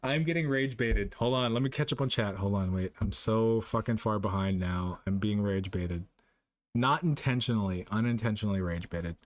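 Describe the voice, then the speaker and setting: At a normal speed, a Canadian streamer reads his live chat and vents about vaccines in an exasperated, profane way. His delivery lurches from loud outbursts to low mutters. The casual livestream audio has no room sound.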